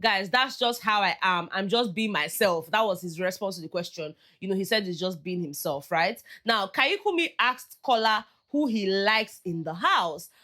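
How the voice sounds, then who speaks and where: Bright-voiced Nigerian woman recapping gossip. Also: mid-range voice, animated, normal speed, hardly any pauses. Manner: chatty, slips into Pidgin phrases. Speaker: reality show recap vlogger. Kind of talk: casual commentary.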